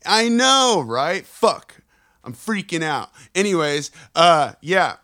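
Excitable, profane man rambling as host. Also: fairly high pitch, takes it slowly. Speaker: podcast host. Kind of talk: casual rambling monologue. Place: on the road.

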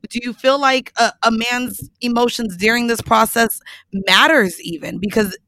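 A woman's voice: on the high side, moderate pace, pushed and bright, no echo, studio quality. A woman hosting an interview, asking probing, thoughtful questions. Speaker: host.

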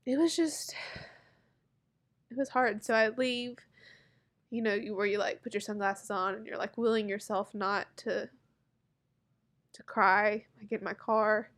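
A woman in her thirties telling a personal story to camera, halting and heartfelt, close to tears. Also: medium pitch, fairly even intonation, a bit bright. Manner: halting, heartfelt, many pauses and fillers. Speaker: vlogger.

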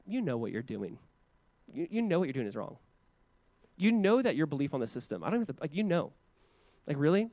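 Fast-talking, animated male pastor. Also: no echo. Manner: conversational, animated, lots of "like" and quick restarts; acts out quoted voices with raised pitch. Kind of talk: sermon.

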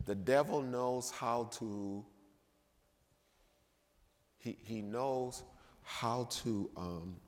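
Male preacher, slow emphatic sermon delivery with sudden loud peaks, recorded in a reverberant church. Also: medium pitch. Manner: emphatic, swings between loud and quiet. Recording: long reverb of a church hall.

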